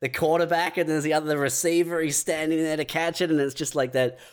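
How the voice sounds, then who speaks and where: A man's voice: on the high side, fairly even intonation, fast talker, clean tone. A man in casual podcast chat, bantering with jokes and swearing. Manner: joking, profane banter.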